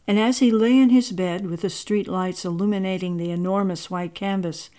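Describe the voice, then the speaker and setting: A woman reading a story aloud in a measured, expressive narrating voice. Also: medium pitch.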